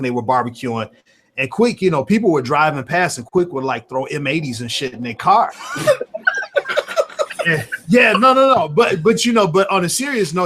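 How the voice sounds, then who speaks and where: A man with a fairly high voice tells stories in relaxed conversation. He laughs often as he talks, and his telling stays lively. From Chicago. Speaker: guest rapper. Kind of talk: casual storytelling.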